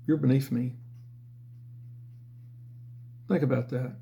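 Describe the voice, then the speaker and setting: Southern man, former salesman, gravelly, blunt, profane, mid-pitched. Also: fairly even intonation, normal speed, dark tone, dull audio. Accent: Southern American. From Southern United States. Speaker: former car and motorcycle salesman. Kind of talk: casual storytelling monologue.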